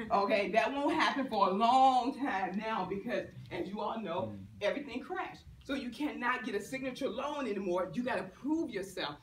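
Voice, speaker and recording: A middle-aged woman from Virginia, a banker giving a lively motivational talk to students, often laughing and acting out what people said. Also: medium pitch. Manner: lively, laughing, acts out quotes. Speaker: banker and guest speaker. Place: university lecture room. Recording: echoey room, distant mic, faint noise.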